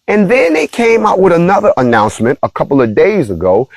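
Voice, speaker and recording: A man hosting a casual, animated monologue, playfully talking straight to his viewers. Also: a little high, normal speed, no echo. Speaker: host of a talk stream.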